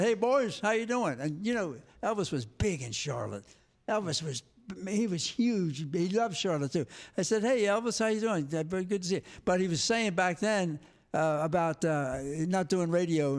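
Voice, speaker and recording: Older man, high voice, lively storyteller, acts out quotes. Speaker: guest, former TV sports director. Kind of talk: storytelling interview.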